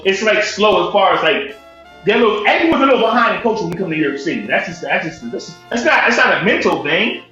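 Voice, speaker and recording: Bright high-voiced man on an echoey call. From Connecticut. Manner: insistent, keeps cutting in to make his point. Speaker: panel speaker. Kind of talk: heated casual debate. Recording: echoey, dull audio-room call with faint music.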